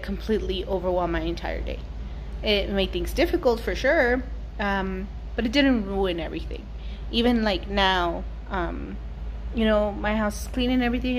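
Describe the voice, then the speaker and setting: A woman's voice: mid-range voice, a little hiss or hum. A woman speaking candidly in a personal video diary at home, with frequent ums and restarts. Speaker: vlogger.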